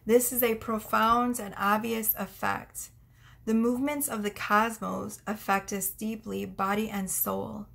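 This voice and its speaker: A woman's voice: medium pitch, level tone, measured pace, vocal fry, fairly bright tone. A young woman giving a casual tarot reading, effusive and emotional as she reads out cards. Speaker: tarot reader.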